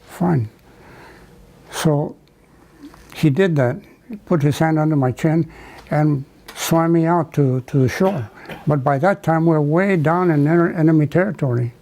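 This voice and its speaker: An older man from the United States, telling a wartime memory in an oral history interview, halting with many fillers and restarts. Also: on the high side, gravelly, darkish tone, low-quality recording. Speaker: veteran interviewee.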